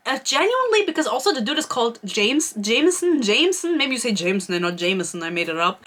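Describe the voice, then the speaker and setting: A woman's voice: medium pitch, pushed and bright. A young woman giving a rambling, sarcastic book review in a casual vlog, swearing freely.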